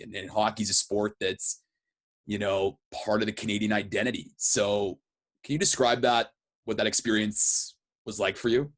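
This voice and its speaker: A man hosting a podcast interview, framing his questions carefully. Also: lowish voice. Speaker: podcast host.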